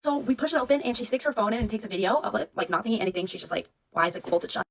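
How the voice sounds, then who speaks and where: Fast-talking excited woman. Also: mid-range voice. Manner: excited, breathless, profane. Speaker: storyteller. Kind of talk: casual storytime.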